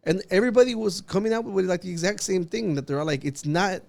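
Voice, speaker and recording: Young man, podcast co-host, casual rambling chat, slightly higher voice, laughs often. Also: lively intonation, fast talker, vocal fry, a little mellow.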